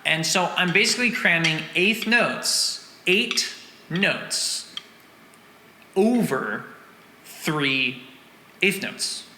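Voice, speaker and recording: In an echoey room full of loud drumming, a man breaks down drum rhythms, counting and singing the beats aloud and frequently correcting himself. His slightly high voice is expressive but extremely slow, with long pauses and background noise.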